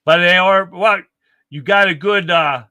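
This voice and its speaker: This livestream host is a man with a high-pitched, sharp voice and an unhurried pace, recorded with no room sound. On his live political commentary stream he reads headlines aloud and reacts bluntly, swearing plenty.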